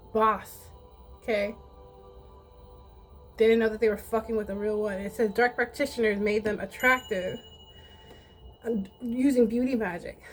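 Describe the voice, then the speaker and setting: Sassy cursing woman doing a tarot reading, kinda high voice, quiet music in the back. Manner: blunt, profane, sassy. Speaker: tarot reader. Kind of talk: casual spoken tarot reading.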